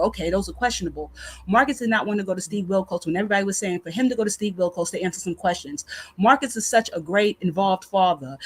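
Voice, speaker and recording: A woman's voice: medium pitch, breathy edge. A woman from New York with a New York accent, calling in to a live show and ranting bluntly with profanity. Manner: blunt, profane, rapid-fire opinions. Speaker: caller. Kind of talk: casual call-in rant.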